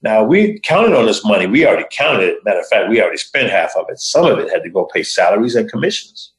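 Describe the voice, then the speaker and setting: A man hosting a show, telling a motivational story in short phrases with dramatic, deliberate pauses. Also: on the low side, big pitch swings, echoey room, low-quality recording. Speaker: host.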